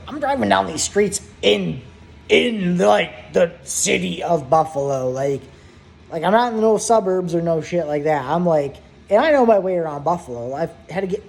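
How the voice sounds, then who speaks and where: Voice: mid-range voice, animated, normal speed, vocal fry, a little mellow. A vlogger in their thirties telling a long personal story in a casual, profane, rambling way, with hummed asides.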